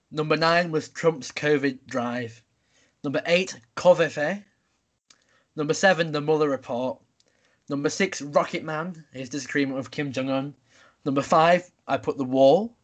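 A young man hosting a casual podcast chat, running a quiz game in an upbeat, announcing way. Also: a little high. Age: young adult. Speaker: podcast host.

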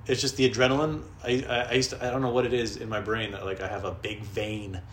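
A man's voice: little pitch movement, fast talker, fairly bright tone, slight background noise. Profane rambling man in echoey room. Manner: profane, rambling, mimics others in high squeaky voices. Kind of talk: casual comedic monologue. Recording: echoey room, faint background.

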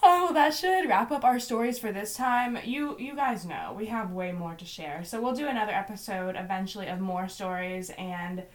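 A woman's voice: medium pitch, moderate pace, hardly any pauses. A young woman in her twenties co-hosting a podcast in casual chat, with a wry, teasing manner. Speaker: podcast co-host.

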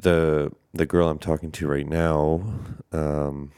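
Man, very low voice, stuffed-up nose, tired rambling podcast host, lots of ums, dry close sound. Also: flat delivery, takes it slowly, a little mellow, clear, resonant tone, dry recording. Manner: rambling, hesitant, lots of fillers, self-deprecating. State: congested, stuffed up, mouth breathing. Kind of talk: casual rambling podcast monologue.

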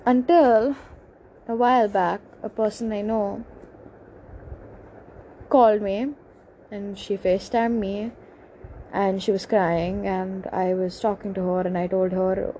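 A young woman telling a personal story in a halting, emotional confessional monologue, full of pauses and restarts. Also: mid-range voice, fairly even intonation, dark tone, a little hiss or hum, rough recording. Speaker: speaker sharing a personal story.

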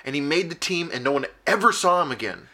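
Guy on a podcast talking super fast, kinda high bright voice, rambly casual chat. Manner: rambling storyteller, quick and animated, laughs often. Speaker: podcast co-host.

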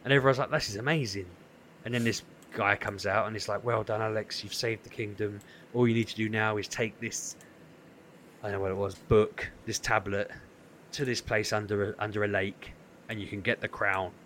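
In this clip, a podcast co-host tells a lengthy story in a relaxed way, performing plenty of quoted lines in character. He has a lowish voice and talks fairly quickly over slight background noise.

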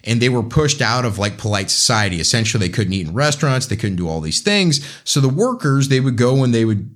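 American male podcast host, animated delivery, fired-up and urging. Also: medium pitch, fairly quick. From United States. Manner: impassioned, urging listeners to act. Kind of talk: political commentary podcast.

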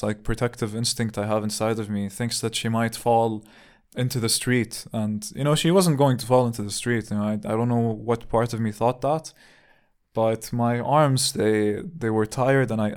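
A podcast host with a clean, mid-range voice tells a personal story in a casual monologue. He's candid and reflective, often repeating words as he thinks.

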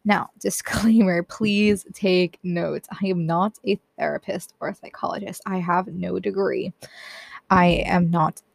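Teen girl host, earnest and soft-spoken, tired and teary, slightly gravelly, dry close sound. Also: lowish voice, fairly even intonation, unhurried, no echo. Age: teens. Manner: earnest, self-deprecating, laughs often, soft-spoken. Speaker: podcast host. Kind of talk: personal reflective talk.

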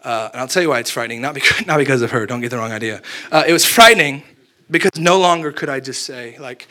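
A man's voice: medium pitch, quick pace. A man leading worship, talking earnestly between songs and building to urgent questions. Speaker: worship leader. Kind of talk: spoken exhortation over worship music. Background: soft guitar playing.

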